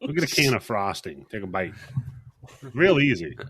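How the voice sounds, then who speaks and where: A man's voice: fairly low pitch, big pitch swings, normal speed, a crowd in the background. A man co-hosting a movie podcast, teasing his co-hosts in casual, profane banter. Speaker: podcast co-host.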